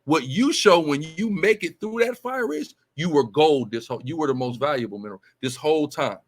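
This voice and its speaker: A man's voice: fairly high pitch, expressive, fairly quick. A man giving preaching-style commentary as a religious teacher, emphatic and repetitive in a conversational way.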